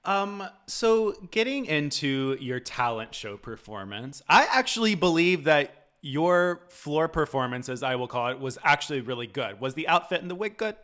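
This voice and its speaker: Male podcast host, enthusiastic and complimentary, bright tone. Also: on the high side, animated, normal speed, few pauses. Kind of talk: casual interview.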